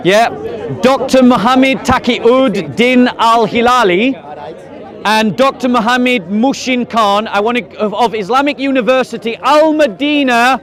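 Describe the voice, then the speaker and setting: A man's voice: very high voice, normal speed, fairly bright tone. A man debating a crowd outdoors, firing pointed questions and mocking his opponents. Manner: challenging, mocking, pressing questions. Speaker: street debater. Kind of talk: open-air debate. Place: outdoors in a park. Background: crowd of onlookers.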